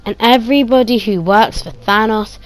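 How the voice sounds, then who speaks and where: A woman giving a casual spoken movie review, retelling scenes excitedly with pew-pew sound effects and drifting into quiet, rambling asides. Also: a little high, normal speed, soft background music.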